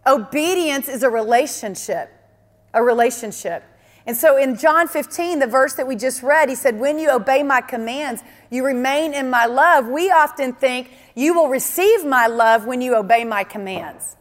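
A woman's voice: high voice, moderate pace, big-room sound. A woman preaching a sermon in an earnest, emphatic way, often repeating key phrases.

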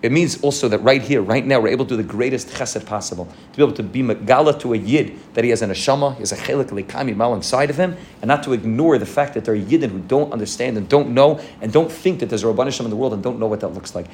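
A man preaching to his congregation at a quick, rushing clip. His voice sits at an ordinary pitch, and he talks fervently, telling stories and dropping in Hebrew and Yiddish terms. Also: a little mellow, slight background noise. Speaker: rabbi of a synagogue. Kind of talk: sermon to a congregation.

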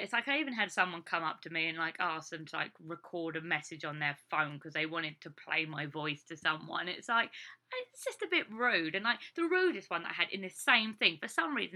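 In this casual vlog, a young woman from England who teaches abroad talks in a chatty, rambling way full of fillers. She has a lowish voice with a bright, pushed quality.

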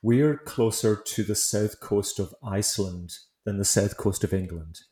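A man's voice: on the low side, measured pace, warm tone, echoey room. A man with a Hebridean Scottish accent, chatting casually as an interview guest, friendly and laughing lightly. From Isle of Lewis, Outer Hebrides, Scotland. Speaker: guest baker and author.

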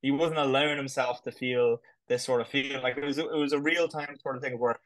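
A man's voice: medium pitch, steady tone, fairly quick, fairly bright tone, rough recording. A man co-hosting a podcast, chatting casually and rambling with lots of fillers. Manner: rambling, fillers like "like" and "sort of stuff". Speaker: podcast co-host. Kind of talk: casual chat.

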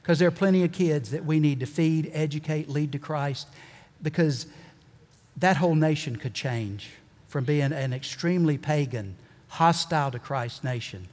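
Animated pastor in a reverberant church. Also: male voice, a little high, moderate pace. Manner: folksy, animated preaching with joking asides and repeated emphasis. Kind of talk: sermon. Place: church sanctuary. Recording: long reverb of a church hall.

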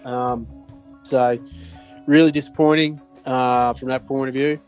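Talking a little slowly, an Australian podcast co-host spins a loose, lively fishing story in casual conversation. His mid-pitched voice wanders with fillers, restarts and casual cursing, soft music plays faintly underneath, and the highs are cut off.

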